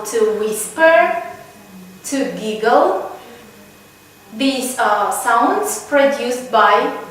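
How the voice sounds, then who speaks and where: A woman lecturer explaining word-building terms slowly and deliberately, from Kazakhstan, listing examples one by one. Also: a little high, a bit bright, slight background noise. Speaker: university lecturer. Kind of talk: slow recorded lecture. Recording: echoey room, voice far from the mic.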